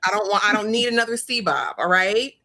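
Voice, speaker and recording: A woman's voice: mid-range voice, a little fast, bright, forceful tone. A woman co-hosting a casual TV recap chat. Her voice sits mid-range, and she is emphatic and sassy, stacking one complaint on top of another. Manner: sassy, emphatic, repetitive lists. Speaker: podcast co-host.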